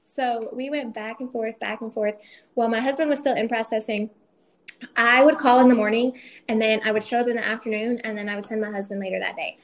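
A woman's voice: on the high side, fairly even intonation, a little fast. A young woman, a military spouse, telling a story in casual chat, acting out quoted lines and laughing often.

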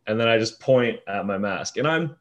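A young man with a deep voice telling a story in casual talk, swearing freely and acting out what people said. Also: moderate pace. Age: young adult. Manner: animated storyteller, swears freely, acts out quoted lines. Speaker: fast-food shift manager.

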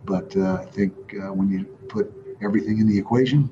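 A male football head coach answering reporters in a steady, assured way. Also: fairly low pitch, a little fast. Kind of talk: press conference answers. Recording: dull audio with background noise.

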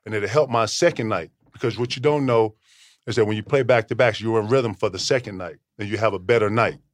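A man in his forties, a former pro athlete, telling animated, profane stories as a guest in a casual podcast studio chat. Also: on the low side, brisk, no echo. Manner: animated, profane, swaggering storyteller.

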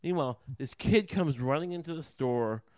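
A man's voice: a little high, expressive, moderate pace, a little mellow, dry recording, studio quality. A man ranting alone as a podcast host, rambling and swearing often, heating up as he goes. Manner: profane, rambling, heated. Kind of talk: rambling solo rant.

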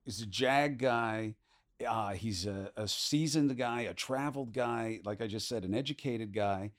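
Quick, chatty male podcast host. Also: on the low side. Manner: quick, conversational, with many fillers. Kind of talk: podcast interview conversation.

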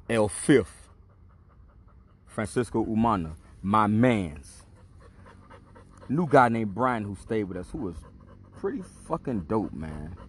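A man hosting a podcast, telling a rambling story in casual slang with plenty of swearing. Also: on the low side. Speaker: podcast host.

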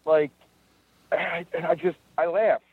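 A man's voice: on the high side, steady tone, measured pace, a crowd in the background. A man, co-hosting a podcast in casual chat, telling stories in a wry, laid-back way. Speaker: podcast co-host. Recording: tinny phone-line sound.

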